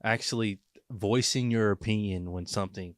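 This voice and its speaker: A blunt, plainspoken man co-hosting a casual podcast chat. His voice sits fairly low. It is recorded close and dry. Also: moderate pace, no echo. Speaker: podcast co-host.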